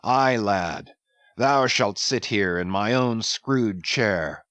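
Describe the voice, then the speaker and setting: A man's voice: fairly low pitch, slow pace, fairly bright tone, no room sound, voice pushed down. A man playing a grim, obsessed old one-legged sea captain, speaking sternly in archaic words. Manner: solemn, stern, archaic speech. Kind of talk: dramatic audiobook reading.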